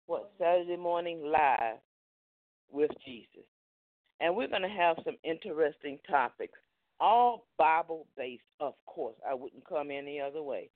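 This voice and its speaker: A man hosting a live ministry broadcast, giving announcements in a chatty way full of amens and hallelujahs. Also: on the high side. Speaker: ministry host and preacher. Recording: phone-like narrow sound.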